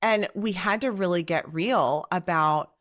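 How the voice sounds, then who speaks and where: A woman with a slightly low voice talks as an interview guest in a loose, chatty way. She is enthusiastic and full of "like"s and quick asides. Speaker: guest, TV co-host. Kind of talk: casual interview chat.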